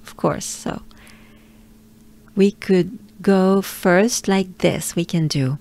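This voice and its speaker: A native French woman with a French accent, coaching English speakers through pronunciation with encouraging, drawn-out demonstration sounds. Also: lowish voice, a little mellow. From France. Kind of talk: pronunciation lesson.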